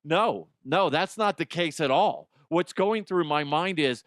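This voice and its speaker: Rambling, swearing man host, fairly high voice. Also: animated, unhurried, a bit bright, no room sound, studio quality. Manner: rambling, profane, often laughing at himself. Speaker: podcast host. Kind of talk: casual comedic chat.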